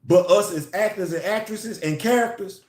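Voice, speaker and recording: A man's voice: sits high, normal speed, echoey room. A man giving a casual, emphatic opinion vlog on comics and culture, repeating his phrases to drive points home.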